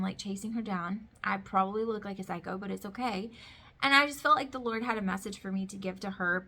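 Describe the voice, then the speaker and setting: With a medium-pitched, bright voice marked by vocal fry and a forceful tone, a woman in her thirties talks casually to camera. She's a vlogger and mother of boys, sharing stories from her life emphatically with frequent "like".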